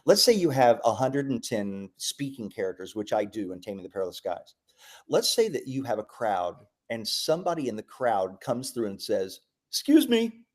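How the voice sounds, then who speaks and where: Enthusiastic man demoing software. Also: fairly low pitch. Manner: enthusiastic, lots of ums and restarts. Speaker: software presenter. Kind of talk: live product demo talk.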